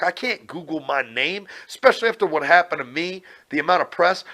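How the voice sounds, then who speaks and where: A man, a former pro wrestler, telling brash, profane stories as a podcast guest. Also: on the high side. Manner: brash, profane, animated storytelling. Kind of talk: casual interview chat.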